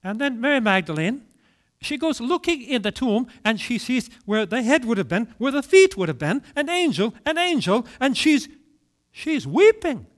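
A man preaching a sermon, telling the story with dramatic pauses and big swings between soft and loud. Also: very high-pitched, very animated.

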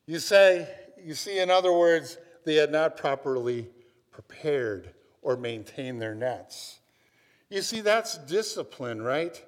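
A man from Minnesota delivers a sermon in a storytelling, conversational manner, often tossing in "right?". His voice sits a little high. It rings out with a long reverb from a large hall. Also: expressive, takes it slowly. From Minnesota, USA. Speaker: pastor.

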